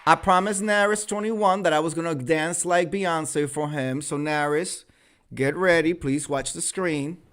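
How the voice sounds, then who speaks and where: Sassy high-voiced man hosting a livestream. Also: steady tone, a little slow, a bit bright. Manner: sassy, theatrical, mocking. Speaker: livestream host. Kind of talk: casual livestream commentary.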